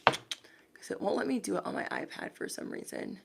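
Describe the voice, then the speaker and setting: A woman's voice: mid-range voice, huge pitch swings, moderate pace, vocal fry, heavy background noise. A woman giving a live-streamed zodiac reading. She is chatty and slangy, talks straight to her viewers, and often acts out quoted voices. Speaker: intuitive card reader.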